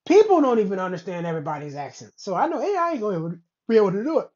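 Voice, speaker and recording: A woman's voice: medium pitch, big pitch swings, rapid-fire, warm tone. A woman hosting a casual commentary show, ranting in a blunt, rambling way with plenty of profanity. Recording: dull lo-fi recording.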